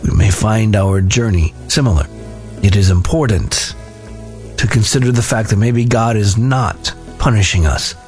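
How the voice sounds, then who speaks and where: A man giving a devotional talk and reading scripture aloud in a measured, solemn way. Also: on the low side, darkish tone, soft background music.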